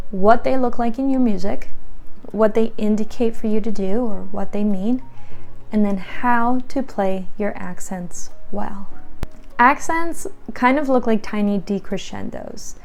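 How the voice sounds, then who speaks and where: A woman teaching piano and explaining patiently in a clear instructional tone. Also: medium pitch, a little slow. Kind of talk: instructional tutorial.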